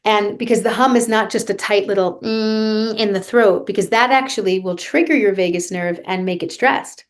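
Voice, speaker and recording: A woman's voice: medium pitch, normal speed, few pauses. A woman vocal coach being interviewed on a podcast, talking earnestly and guiding listeners through a breathing exercise.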